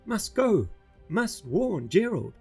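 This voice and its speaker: A man's voice: sits high, very animated, slow, darkish tone, slightly rough, faint music behind, voice pushed up, heavily acted. A man doing a fretful old tinker with broken speech. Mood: urgent.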